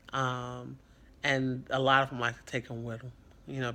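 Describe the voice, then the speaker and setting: A man's voice: medium pitch, sharp tone. A man who is a foster parent, talking in an earnest, reflective and rambling way in a casual vlog.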